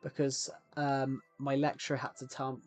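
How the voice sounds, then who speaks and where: There's soft background music as a young man with a West Country English accent talks on a live stream in a monotone, medium-pitched voice at a moderate pace. His casual chat rambles, with plenty of repetition and frequent restarts.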